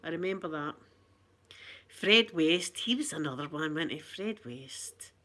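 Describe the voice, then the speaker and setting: A woman's voice: low-pitched, lively intonation, measured pace, a bit bright. A woman with a Scottish accent chatting casually to her viewers on a phone, rambling and laughing often. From Scotland. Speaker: channel host.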